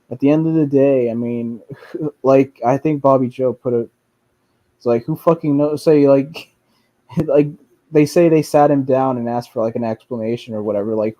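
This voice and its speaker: Rambling, profane man with a mellow voice. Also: medium pitch, no room sound, muffled recording. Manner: profane, rambling, with frequent restarts and fillers; mocks others by quoting them in a whiny voice. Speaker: streamer commenting on online drama. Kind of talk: casual rambling commentary.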